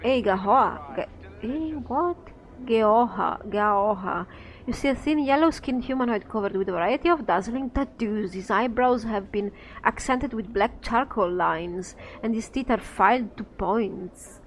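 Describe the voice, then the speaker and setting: Woman reading out a game n chatting, kinda high voice, bit giggly. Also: moderate pace, a little hiss or hum. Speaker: game streamer. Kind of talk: reading game text and commenting.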